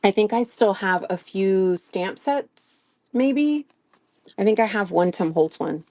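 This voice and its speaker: A woman's voice: medium pitch, expressive, takes it slowly, darkish tone, no room sound. A woman hosting a casual live-stream sale, chatting and greeting viewers by name as she shows items.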